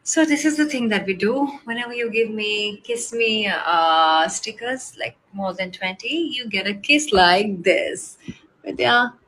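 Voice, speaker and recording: A woman, chatting casually on a live stream. She greets viewers by name, blows kisses and gives soft, encouraging pep talks. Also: medium pitch, unhurried, slight background noise, poor audio. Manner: switches between English and Hindi.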